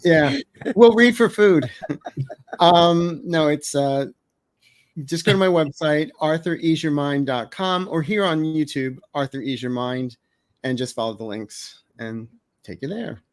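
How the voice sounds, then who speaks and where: A man's voice: a little high, measured pace, no echo. A man, a psychic co-hosting a show, chatting casually and telling jokes. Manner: chatty, joking storyteller. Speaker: psychic, co-host. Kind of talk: casual chat.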